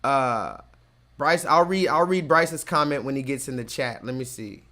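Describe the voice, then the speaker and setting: A man hosting a livestream, ranting casually and reading chat comments, cursing freely and slowing down to hammer his points home. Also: mid-range voice, pushed and bright. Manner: profane, emphatic, slows down to stress points.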